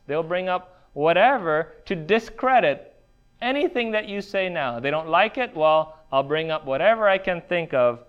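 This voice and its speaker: A man preaching a sermon, measured and deliberate, stopping often to ask his listeners rhetorical questions. His voice sits a little high for a man and comes through smooth and resonant. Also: lo-fi sound. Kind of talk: expository sermon.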